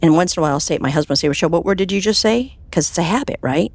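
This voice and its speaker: A woman, a clinical hypnotherapist, talking as a guest in an interview, telling stories with animated swings up in pitch and soft whispers on quoted phrases. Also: very fast, no echo. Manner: animated storytelling, voice jumping high with enthusiasm. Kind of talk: conversational interview.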